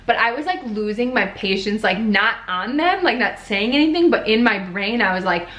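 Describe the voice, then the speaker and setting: A woman's voice: a little high, expressive, moderate pace, a bit bright, highs cut off. Chatty young woman vlogging, echoey room. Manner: chatty, heavy use of "like", tired. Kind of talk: casual video diary.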